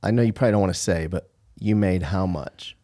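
A man co-hosting a podcast, teasing the guest and reacting with loud exclamations. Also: deep voice, fast. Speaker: podcast co-host. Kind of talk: casual podcast chat.

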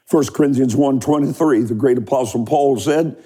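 A man preaching a sermon, fervent and emphatic, who stretches key words out slowly and leads the listeners in prayer. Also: mid-range voice, dark tone, breathy edge. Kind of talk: sermon with altar-call prayer.

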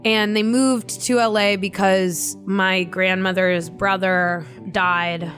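A woman talks casually about her family, animated and quick to laugh, with swearing sprinkled through. Her voice sits at a middle pitch. Faint music plays underneath. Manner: animated storytelling, swears freely, laughs often. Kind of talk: casual chat.

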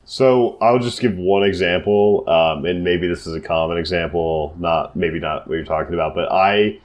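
A man co-hosting a podcast in casual chat, congested and animated, swearing often. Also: low voice, moderate pace. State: congested from covid. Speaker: podcast co-host.

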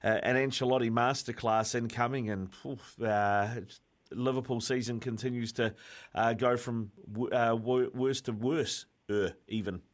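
Brief: male radio host, mid-pitched, easygoing and jokey, stumbling through questions with fillers. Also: steady tone, unhurried. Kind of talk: casual radio sports chat.

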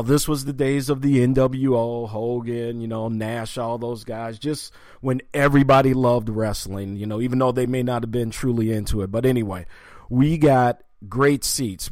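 Rambling sports podcast host. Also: male voice, mid-range voice, no echo, studio quality. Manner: loose, rambling, with many ums. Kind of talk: casual spoken tribute and storytelling.

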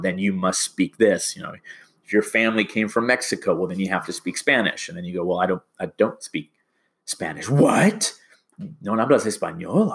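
Low-voiced male teacher, rambling. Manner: rambling, stumbling restarts. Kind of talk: classroom lecture.

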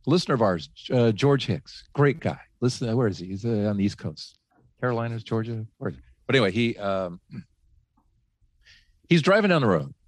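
A man who once worked as a radio host, telling faith stories in casual talk, animated, laughing often and restarting his sentences. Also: medium pitch, a little fast, no room sound. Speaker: guest, former radio host.

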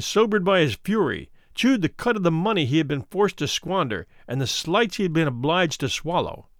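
A man narrating a classic horror tale with an expressive, varied delivery. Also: a little high, dry recording, clean studio sound. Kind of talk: dramatic audiobook narration.

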